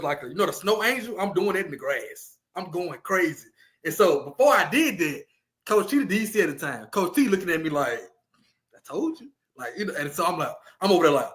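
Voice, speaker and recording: A young man, chatting casually as a podcast guest, animated and quick to laugh, repeating his lines as he tells stories. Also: high voice. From Louisiana. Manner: animated storyteller, laughs often, repeats himself.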